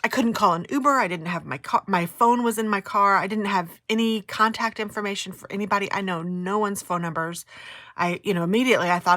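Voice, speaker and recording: A woman's voice: medium pitch, fairly quick, pushed and bright, no echo, clean studio sound. A middle-aged woman vlogger telling stories in a casual, chatty way, often breaking into exclamations.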